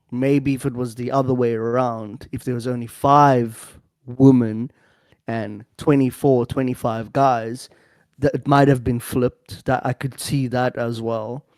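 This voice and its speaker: Male co-host, mid pitch, slow unhurried delivery, rambling, dry recording. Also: fairly even intonation, a little mellow, no room sound. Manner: rambling anecdote, fillers, laughs often. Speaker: podcast co-host. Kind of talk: casual discussion.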